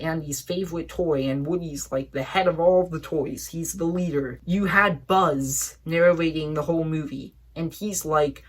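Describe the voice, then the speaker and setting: Woman, movie reviewer, low breathy voice, casual and exasperated. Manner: emphatic and exasperated, with frequent "like" and repeats.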